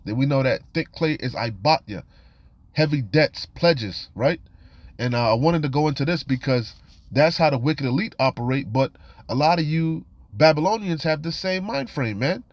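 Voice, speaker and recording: A man's voice: a little high, animated, moderate pace, no room sound. A man teaching from scripture in a casual, streetwise way, reading verses aloud and commenting with frequent "you know" and "man". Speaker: preacher.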